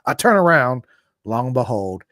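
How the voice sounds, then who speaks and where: An American man hosting a podcast, chatting casually and telling stories with bursts of excitement. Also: medium pitch, normal speed, no echo, clean studio sound. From United States. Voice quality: excitable, animated storyteller. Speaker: podcast host. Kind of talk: casual interview chat.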